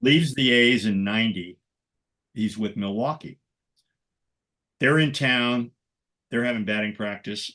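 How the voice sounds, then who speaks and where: A man's voice: mid-range voice, unhurried, long pauses. An older man, a guest photographer, telling stories in conversation and acting out the voices of the people he quotes. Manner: animated storyteller who acts out quoted voices. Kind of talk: conversational storytelling.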